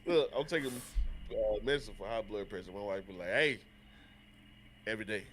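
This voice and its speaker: A man's voice: on the low side, lively intonation, fast, background noise. Stuffy-nosed blunt man talking casually. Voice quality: stuffed-up, nasal. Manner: blunt, profane, emphatic. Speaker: podcast guest, content creator. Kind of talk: casual podcast chat.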